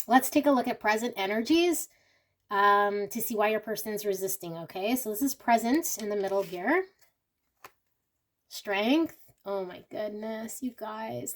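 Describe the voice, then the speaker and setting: A woman's voice: mid-range voice, a little slow. A woman reading tarot cards for her viewers, earnest and emotional, speaking straight to them. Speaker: tarot reader. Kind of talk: intuitive pick-a-card tarot reading.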